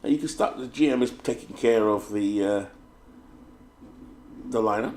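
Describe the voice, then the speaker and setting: A man's voice: fairly low pitch, normal speed, a little mellow, slight background noise. A man with a British accent hosting a tabletop baseball game, chatting casually while setting up and reading out the lineups like a play-by-play announcer.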